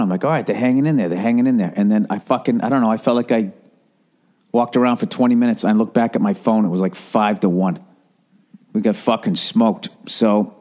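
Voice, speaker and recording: A man's voice: on the low side, a little mellow. A man from the area, ranting in casual, profane, sarcastic podcast talk. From Boston area. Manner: sarcastic, rambling, swears constantly.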